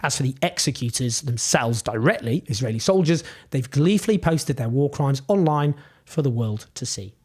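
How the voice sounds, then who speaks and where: A man's voice: mid-range voice, animated, normal speed, darkish tone, breathy edge. A man giving indignant scripted political commentary, emphatic and full of rhetorical questions.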